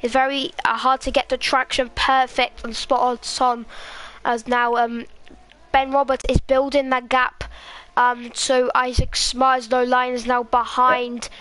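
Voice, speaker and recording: A woman with a Scottish accent giving live race commentary in a halting, rambling way, full of fillers. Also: sits high, flat delivery, a bit bright, smooth. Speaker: sim racing commentator.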